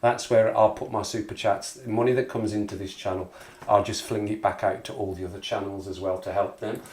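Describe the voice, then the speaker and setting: A man's voice: lowish voice, steady tone, a little fast, darkish tone. Chatty Black Country man streaming live. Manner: chatty, jokey, reads out viewer messages. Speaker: livestream host. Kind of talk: casual live-stream chat. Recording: echoey room.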